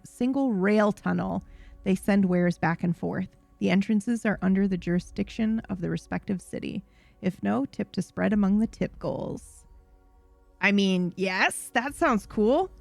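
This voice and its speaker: Woman stream host, casual and rambling, gravelly fry, faint music under her. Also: medium pitch, darkish tone, no echo. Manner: rambling, self-correcting, loose and profane. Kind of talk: casual live-stream chat.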